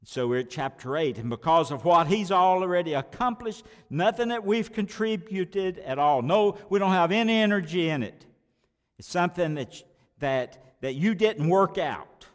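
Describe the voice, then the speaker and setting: A man preaching a sermon as pastor, emphatic, repeating words and swinging between loud declarations and quiet asides. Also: high voice, expressive, moderate pace, long reverb tail.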